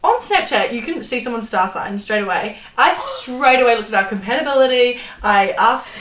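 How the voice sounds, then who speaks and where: A woman's voice: fairly high pitch, very animated, normal speed, a bit bright, distant mic. A young woman co-hosting a student podcast, talking animatedly and dramatically with frequent laughs. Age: young adult. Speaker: podcast co-host. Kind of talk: casual chat. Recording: echoey room, away from mic.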